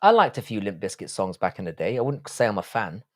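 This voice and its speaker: A man's voice: fairly low pitch, big pitch swings, fast. A man hosting a casual live stream, reading chat aloud and answering in a blunt, profane way.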